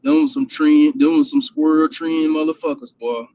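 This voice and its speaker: A man's voice: on the high side, sing-song, measured pace, vocal fry, warm tone, muffled recording, a little hiss or hum. A man from Houston with a Texas accent, telling hunting stories in a drawling, laughing way. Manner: drawling, laughs often, restarts mid-sentence. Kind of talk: casual storytelling chat.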